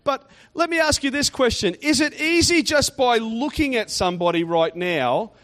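A man's voice: very high-pitched, normal speed, a bit bright. A man giving a playful children's talk in church, teasing and quizzing the kids and congregation.

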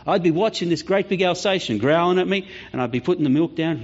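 A breathy edge colors this brisk male voice, which sits on the high side. He's a pastor giving a lively, story-driven sermon with acted-out voices, recorded in slightly dull lo-fi sound.

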